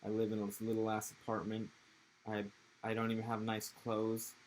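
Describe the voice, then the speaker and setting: A man's voice: lowish voice, monotone, normal speed, darkish tone, slight background noise, low-quality recording. A young man from Texas with an American accent, chatting loosely in an interview with rambling, laid-back, profane slang. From Texas, USA. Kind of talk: casual interview chat.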